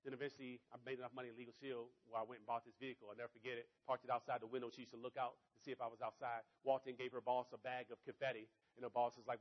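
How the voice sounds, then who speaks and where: A man's voice: rapid-fire, muffled recording. A middle-aged man giving a motivational talk to a live audience, telling stories and acting out both sides of the dialogue. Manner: animated, pitch rising sharply when excited. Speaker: motivational speaker.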